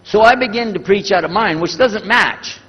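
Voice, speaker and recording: A man's voice: sits high, normal speed, breathy edge. An older man with a Texan accent, a preacher telling a story to an audience and acting out both sides of the conversations. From United States. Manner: animated storyteller acting out dialogue. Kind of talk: storytelling talk. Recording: echoey hall, dull lo-fi sound.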